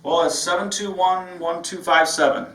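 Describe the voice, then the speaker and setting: Man role-playing a matter-of-fact male caller asking about a sunroom. Mid-high voice, distant and echoey. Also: steady tone, normal speed, a bit bright. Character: ordinary male customer calling about a sunroom. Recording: roomy sound from a distance.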